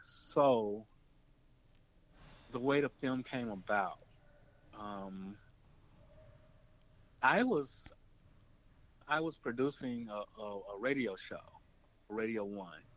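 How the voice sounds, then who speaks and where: A man, a documentary filmmaker and former radio producer, telling a long story in an interview and acting out the people he quotes. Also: muffled recording. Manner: animated, acts out quoted voices with pitch jumps.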